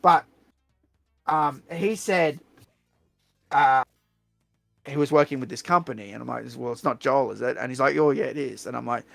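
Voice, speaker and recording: An Australian man hosting a stream, telling a story in a blunt, profane, animated way. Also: medium pitch, normal speed, vocal fry, long pauses, no room sound, faint music behind. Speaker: streamer host. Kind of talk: casual storytelling chat.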